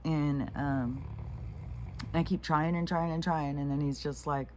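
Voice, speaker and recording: A woman's voice: sits low, steady tone, unhurried, a little mellow, slight background noise. Rambling, foul-mouthed woman venting. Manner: meandering, frank and profane, with many restarts. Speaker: vlogger. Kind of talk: rambling casual monologue.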